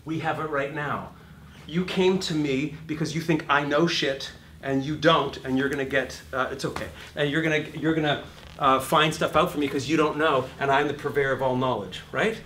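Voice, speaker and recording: A man's voice: fairly high pitch, brisk, sharp tone, reverberant, a little hiss or hum. A man teaching acting to a live class in a hot room. He is blunt and profane, acts out quotes and sings notes.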